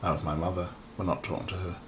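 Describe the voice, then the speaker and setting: A man's voice: low-pitched, flat delivery, rapid-fire, noisy background. A man with a mild Welsh accent casually commenting on a game he plays for his chat. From Wales. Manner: chatty, joking, asides to chat. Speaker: streamer. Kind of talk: casual let's-play commentary.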